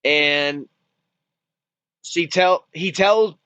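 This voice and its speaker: A man's voice: fairly high pitch, extremely slow, fairly bright tone, smooth, no room sound. A man casually retelling a movie's plot as a reviewer, rambling with restarts and swearing freely. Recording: dull lo-fi dry recording.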